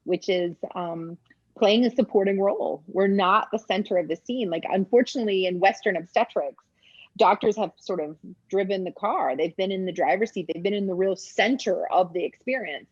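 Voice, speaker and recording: A woman midwife commenting on a birth video, talking enthusiastically and explaining with many pauses and ums. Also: medium pitch, slightly rough, dry recording, dull audio.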